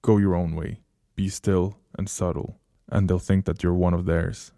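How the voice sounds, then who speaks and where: A man voicing a quiet, weary male stranger who speaks in a soft, flat, resigned way. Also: deep voice, moderate pace, dry recording, studio quality.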